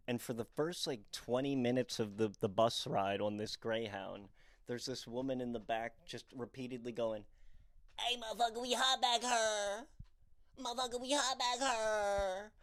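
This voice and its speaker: A young adult man from the northeastern United States tells candid stories as a comedian, rambling and self-deprecating with plenty of fillers. His voice sits at an ordinary middle pitch, and the recording is dry and close. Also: a little mellow, dry recording. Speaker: comedian and storyteller. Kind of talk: candid storytelling monologue.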